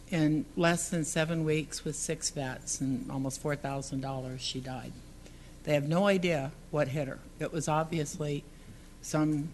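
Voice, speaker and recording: A woman making an earnest, halting public comment at a city council meeting, speaking into a podium microphone. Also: low-pitched, a little hiss or hum. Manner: earnest, halting, rambling with restarts. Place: council chamber.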